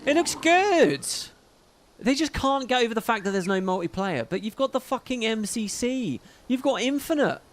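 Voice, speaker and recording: Brief: chatty male stream host, rather high and very lively, profane and rambling. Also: fairly quick, few pauses. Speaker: livestream host. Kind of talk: casual livestream chat.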